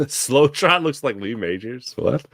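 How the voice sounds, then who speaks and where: A man's voice: medium pitch, measured pace, no room sound, clean studio sound. A man hosting a sports talk show, chatting casually and rambling with jokes while he answers viewer comments. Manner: animated, rambling, jokey.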